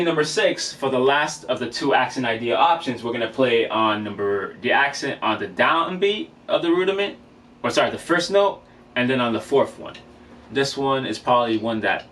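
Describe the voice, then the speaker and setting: A man's voice: medium pitch, a bit bright. A man teaching drum rudiments in a casual vlog, counting off beats between exercises, recorded on a camera mic. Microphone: camera microphone. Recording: camera mic from a distance, faint room noise.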